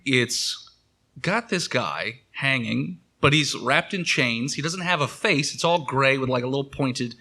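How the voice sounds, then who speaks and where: A man's voice: mid-range voice, lively intonation, measured pace, sharp tone. A man narrating scenes as game master of a tabletop role-playing game, describing things with some fillers.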